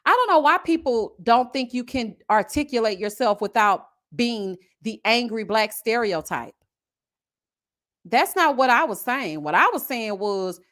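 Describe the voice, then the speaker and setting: Southern woman host, casual live-stream commentary, sassy and animated, voice a bit high. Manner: animated, sassy, drawling asides to viewers. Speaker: reality TV review host. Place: home setup with a desk mic.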